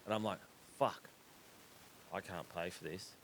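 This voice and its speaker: A man's voice: deep voice, measured pace, gravelly, slight background noise. A man with an Australian accent hosting a podcast, telling a rambling, swear-heavy story in casual chat. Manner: swears constantly, animated, drops into quoted voices. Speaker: podcast host.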